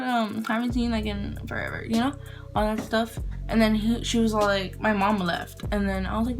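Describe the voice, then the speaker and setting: A young woman tells a story to her camera in a casual, chatty voice of middle pitch. She leans on fillers and acts out her own quotes, sometimes whispering and sometimes squealing. Faint music plays behind her. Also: little pitch movement, a little fast. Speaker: vlogger.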